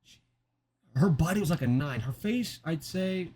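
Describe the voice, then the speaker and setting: A man's voice: a little high, lively intonation, moderate pace, darkish tone, slightly rough. Rambling young man telling a story. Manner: rambling, stammering, self-mocking. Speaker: gaming commentator. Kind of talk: casual storytelling over gameplay.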